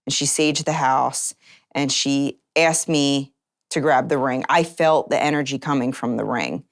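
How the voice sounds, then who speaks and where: A woman with a strikingly low, deep voice tells a personal story in an interview. She talks casually and chattily, scattering filler words through her sentences. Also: a little slow. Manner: chatty, heavy use of "like" fillers.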